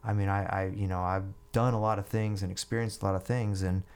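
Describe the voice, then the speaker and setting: A man's voice: low-pitched, flat delivery, fairly quick, clean tone. A middle-aged male musician, a podcast guest, telling stories in a chatty way, often repeating words and acting out conversations. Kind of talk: storytelling in a podcast interview.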